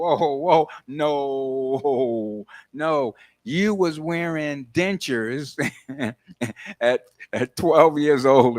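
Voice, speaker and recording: An older man hosting a radio talk show, animated and playful, acting out little scenes as he talks. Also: fairly high pitch. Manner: lively, playful, acts out voices, frequent laughs.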